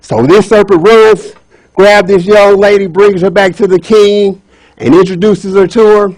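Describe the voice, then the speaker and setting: A man telling a folk tale to a club audience, chatty and lively with asides to the crowd. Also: high-pitched, unhurried, no room sound, poor audio. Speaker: speaker at a speaking club. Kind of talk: storytelling speech.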